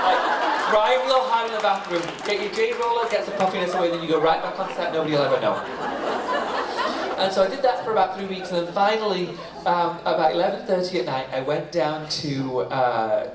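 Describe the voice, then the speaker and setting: A man's voice: a little high, very noisy. A British man in his thirties telling stories to an audience on stage, chatty and self-mocking, laughing often. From Britain. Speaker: author guest. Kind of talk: storytelling on stage. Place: library event hall with audience. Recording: roomy hall, mic heard from a distance.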